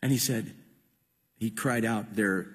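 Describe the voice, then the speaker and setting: A man's voice: fairly low pitch, slow, husky, in a large hall. A man preaching a sermon with impassioned, emphatic delivery, often repeating his words.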